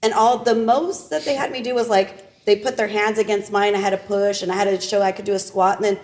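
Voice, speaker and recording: A woman's voice: mid-range voice, steady tone, quick pace, a little mellow. A woman co-hosting a casual chat, stepping in to explain terms.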